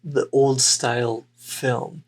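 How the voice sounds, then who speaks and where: A man's voice: mid-range voice, level tone. A man co-hosting a podcast, rambling casually with lots of fillers. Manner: rambling, unhurried, many fillers. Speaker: podcast co-host. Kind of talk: casual chat.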